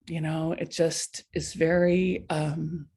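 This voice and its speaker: This stream host's voice sits low and comes out slow, creaky, and slightly rough through a webcam or laptop mic. Her casual motivational talk is lively and blunt, delivered straight to viewers as she acts out their inner voices.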